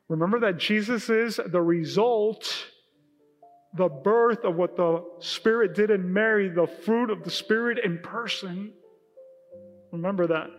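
Animated high-voiced preacher in a hall. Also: male voice, measured pace. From Hispanic heritage, Spanish speaker. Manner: casual, animated preaching with acted-out quotes. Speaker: pastor. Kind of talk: sermon. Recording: live church hall with reverb and faint music.

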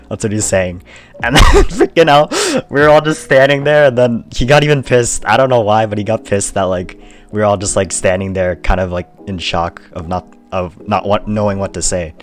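A young man with a very low voice, telling a store story at an easy, rambling pace and laughing along the way. Faint music plays softly behind him. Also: moderate pace. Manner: laid-back, laughs often, rambling with fillers. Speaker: podcast co-host. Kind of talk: casual chat.

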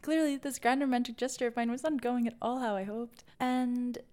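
A young woman with a fairly high but mellow voice tells a confessional story from her own life. She is candid and self-deprecating, and at times her voice sinks to a soft, breathy near-whisper. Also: fairly even intonation, brisk. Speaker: podcast host.

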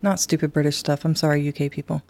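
An American woman co-hosting a podcast in casual chat, quick to joke at her own expense. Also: deep voice, steady tone, vocal fry, darkish tone, no echo. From United States. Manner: laughing and self-deprecating, quick asides. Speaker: podcast co-host.

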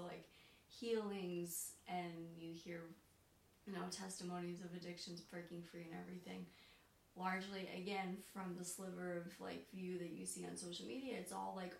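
Gravelly woman in a far-off echoey room. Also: on the low side. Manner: thoughtful, many fillers like "like". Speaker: Bible study participant. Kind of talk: casual group discussion. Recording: distant mic in an echoey room with faint hiss.

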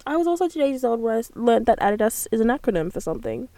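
A woman's voice: on the high side, very animated, racing, mellow, no room sound. Bubbly woman, dry close sound. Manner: bubbly and rambling, with frequent gasps and laughs. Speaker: podcast host. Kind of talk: casual solo chat.

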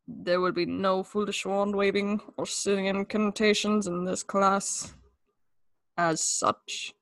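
A woman impersonating a cold, stern male schoolmaster, pushing her voice low in a slow, drawling delivery. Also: level tone, dry recording, low-quality recording.

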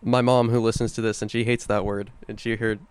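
A man's voice: on the low side, level tone, brisk, clear, resonant tone. A young man co-hosting a podcast, chatting casually and playfully, savoring the words he talks about. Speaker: podcast co-host. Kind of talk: casual chat.

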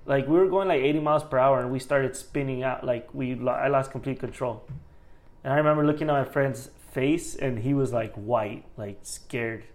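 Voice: mid-range voice, normal speed. A young adult co-host in casual podcast chat, telling a story in a rambling way full of restarts.

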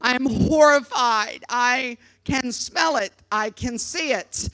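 A woman preaching a sermon, telling a story dramatically and breaking into loud, shouted exhortations. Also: fairly high pitch, slow pace, low-quality recording.

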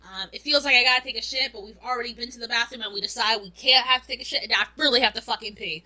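A woman's voice: a little high, very fast, bright, forceful tone, rough recording. A young woman co-hosting a podcast, talking candidly in a rambling, casual way and swearing freely. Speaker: podcast co-host. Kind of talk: casual chat.

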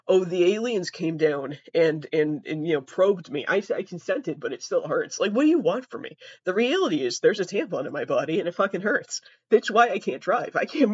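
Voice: mid-range voice, no echo. A young adult trans comedy podcaster telling stories in a profane, rambling, self-mocking way. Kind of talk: comedic storytelling. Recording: dull, dry lo-fi audio.

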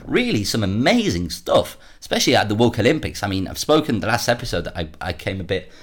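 A man's voice: lowish voice, very animated, fast. A man hosting a solo commentary podcast, worked up and sarcastic, often repeating words as he rants. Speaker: podcast host.

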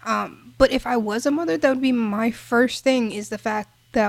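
A woman's voice: a little high, normal speed, few pauses, no echo. A woman co-hosting a podcast, talking in a casual, emphatic and impassioned way. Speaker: podcast co-host.

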